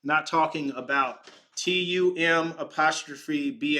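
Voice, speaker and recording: A podcast host with a slightly high, bright, forceful voice takes his time as he runs a casual vlog into a desk microphone. He thinks aloud while going through stock charts on his screen, stumbling over words and joking with his chat.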